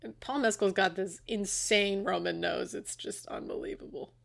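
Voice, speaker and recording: Laughing, animated woman podcast co-host. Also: mid-range voice, moderate pace, creaky. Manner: animated, laughs often, swears casually. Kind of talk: casual film chat.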